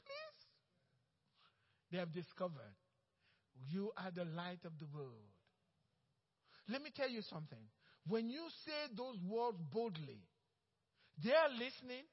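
A high-voiced man preaches in a church, his words ringing with a long hall reverb. He acts out coworkers and swings between bold, loud declarations and quiet, hushed asides. The sound is muffled and slightly lo-fi. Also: husky. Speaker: pastor. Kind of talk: sermon. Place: church sanctuary.

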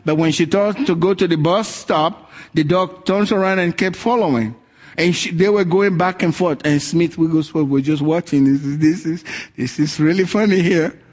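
A man's voice: on the high side, normal speed. A man preaching a sermon, telling stories with energy and acting out the voices of the people in them. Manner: animated storytelling, acting out quoted voices. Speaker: pastor.

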